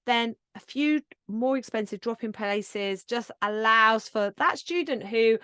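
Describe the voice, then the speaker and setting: A woman runs her own podcast as a yoga business coach, talking casually and earnestly to encourage listeners, with lots of filler words. Her voice is a little high, sharp and smooth, at a measured pace with few pauses, in clean, echo-free studio sound.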